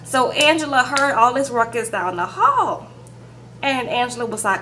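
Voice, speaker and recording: A woman's voice: on the high side, moderate pace, a little hiss or hum. A young woman recapping reality TV in a casual, sassy, gossipy way, peppering her talk with "like" and "okay". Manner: animated, sassy, heavy use of "like" and "okay".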